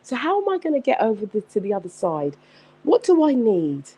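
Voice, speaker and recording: Energetic woman hosting a motivational live stream, higher voice with lively swings, preachy and emphatic. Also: a little slow. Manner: energetic, exclamatory, preachy, repeats phrases. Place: home setup with several screens.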